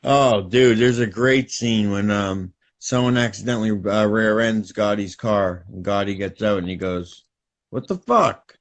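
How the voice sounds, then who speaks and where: A man with a Birmingham accent, co-hosting a podcast, talking in a relaxed, casual way and swearing freely. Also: fairly low pitch, unhurried, few pauses. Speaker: podcast co-host. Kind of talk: casual chat.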